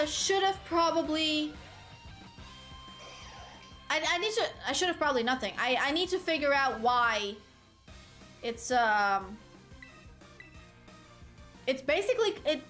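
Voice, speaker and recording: A woman's voice: sits high, expressive, unhurried, pauses often, bright, forceful tone, soft background music. A woman giving casual gameplay commentary as a streamer, rambling, correcting herself and talking to her chat. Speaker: gaming streamer.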